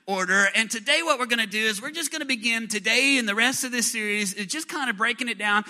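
A pastor delivers a sermon, pulling his listeners into call-and-response. His voice sits high for a man and sounds very bright and forward. He slips into voices to act out little everyday scenes. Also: quick pace.

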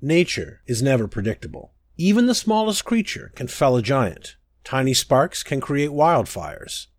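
A man narrating a scripted druidic fable in a measured storytelling manner. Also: mid-range voice, sing-song, no room sound.

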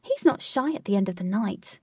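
A woman voicing a tiny flying woman who is a flirty, teasing party regular, with a husky, gravelly voice. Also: lively intonation, normal speed, dry recording, clean studio sound, recorded from a distance. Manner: brash, teasing, loud and high.

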